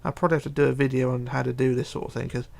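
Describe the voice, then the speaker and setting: Gravelly-voiced man chatting on a stream. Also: medium pitch, flat delivery, a little mellow. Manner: halting, reads viewer questions aloud. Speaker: live streamer. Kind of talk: casual live-stream chat while building.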